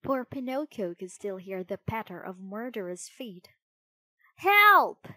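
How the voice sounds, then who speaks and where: A woman reading a children's storybook aloud in a clear, deliberate way. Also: medium pitch, a little mellow, no room sound. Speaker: narrator.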